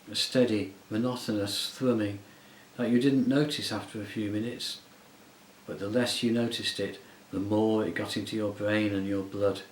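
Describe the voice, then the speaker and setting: A man narrating a storybook in a measured, expressive way. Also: lowish voice, echoey room, a little hiss or hum, poor audio. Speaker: audiobook reader.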